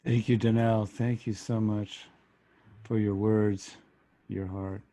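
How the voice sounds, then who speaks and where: A reading host thanking a poet and opening the questions over a video call, speaking slowly and drawn out. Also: mid-range voice, level tone, dark tone, no echo. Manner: slow, drawn-out thanks and introductions. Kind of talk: hosting a reading.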